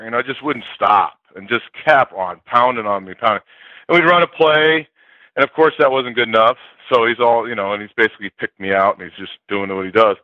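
Older male guest, lowish voice, spins lively anecdotes, slightly dull dry recording. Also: quick pace, dry recording. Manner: animated storyteller, acts out quotes loudly, laughs often. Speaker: former college football player, guest. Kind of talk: interview storytelling.

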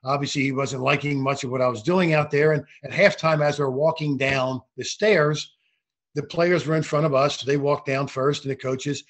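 An older man, a former referee, telling animated anecdotes in a casual interview, with frequent restarts. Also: medium pitch, moderate pace. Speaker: guest, former basketball referee.

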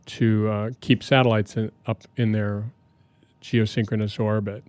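A man's voice: on the low side, level tone, a little slow, a little mellow, clean tone, no room sound. A man in casual chat, telling a long story with many fillers and frequent laughs. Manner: rambling, laughs often. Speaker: guest.

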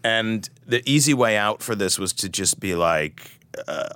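A middle-aged man, a guest in an interview, telling stories in an animated, self-deprecating way with frequent restarts. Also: on the low side, measured pace, clean tone, no room sound. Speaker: guest, author. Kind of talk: storytelling interview.

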